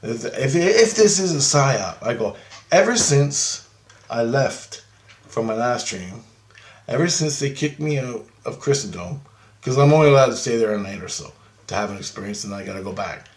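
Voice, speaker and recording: A man telling a rambling, profane story about a dream, animated and laughing often. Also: mid-range voice, normal speed. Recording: roomy echo.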